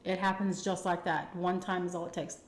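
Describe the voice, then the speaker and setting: A woman with a Texan accent telling a candid, chatty personal story to her viewers, full of fillers and animated retellings. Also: fairly low pitch, fairly quick, reverberant. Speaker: food vlogger telling a story. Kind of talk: casual storytime chat.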